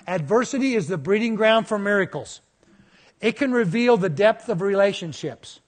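A man in his fifties preaching a sermon, telling stories in a lively way. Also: sits high, normal speed. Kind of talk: sermon storytelling.

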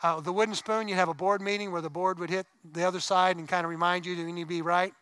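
A man's voice: high voice, little pitch movement, quick pace, bright, forceful tone, clean tone, no room sound, rough recording. A middle-aged man preaching a sermon as pastor, conversational, with asides and rising emphasis. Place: church sanctuary.

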